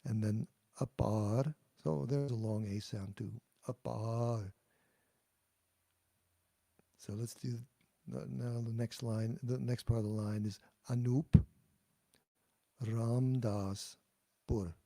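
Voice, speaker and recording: Slow, gravelly male teacher. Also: medium pitch, steady tone, warm tone. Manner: slow, patient and explanatory, demonstrating words then pausing for repetition. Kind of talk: pronunciation lesson, call and response.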